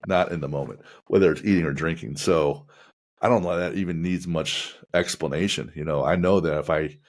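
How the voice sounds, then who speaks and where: A man hosting a podcast, chatting casually in a measured, reflective way and asking long, rambling questions. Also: rumbling low, steady tone. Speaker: podcast host. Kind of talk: casual interview chat.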